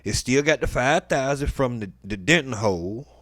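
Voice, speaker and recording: Bright-voiced, emphatic man streaming commentary. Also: medium pitch, expressive, normal speed, no room sound. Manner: emphatic, profane, slangy, keeps addressing the defendant as "boy". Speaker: online commentator. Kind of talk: live stream commentary on a court video.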